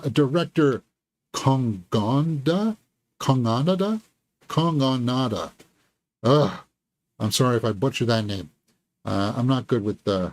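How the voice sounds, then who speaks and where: A movie reviewer hosting his own channel gives live film commentary, thinking aloud and offering candid, critical verdicts. His voice is mid-range, with no echo.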